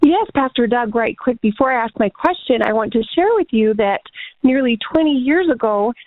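A woman's voice: on the high side, animated, moderate pace, no room sound. A woman calling in to a Bible radio program, sharing her story and asking a question in an earnest, chatty way. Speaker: caller. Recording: phone line.

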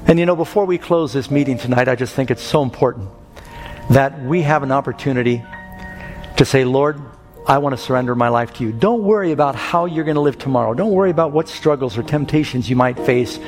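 A man's voice: medium pitch, lively intonation, fairly quick, darkish tone. A man preaching an evangelistic sermon, earnest and telling stories that build to fervent peaks. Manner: earnest, rising to fervent climaxes in storytelling. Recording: music and long hall reverb.

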